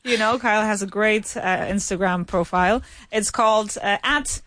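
A woman teaching English as a radio host, energetic and laughing often, correcting students quickly. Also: mid-range voice, no room sound. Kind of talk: lively classroom radio show. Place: radio studio. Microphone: studio mic.

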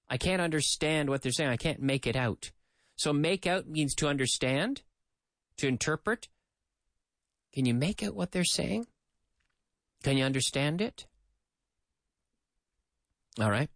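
A man's voice: a little high, lively intonation, measured pace, pauses often, a bit bright, no room sound. A man hosting a chatty radio English lesson, explaining phrases and bantering with a co-host. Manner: chatty, mixes in translated explanations, talks to co-host. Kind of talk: lively radio language lesson.

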